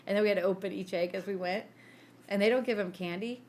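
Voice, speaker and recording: A woman co-host spins a lively story with frequent laughs and voices for the people in it. Her voice sits at a middling pitch. A faint hiss sits under the recording. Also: fast. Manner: animated storyteller, laughs often, acts out quotes. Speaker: podcast co-host. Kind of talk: casual chat.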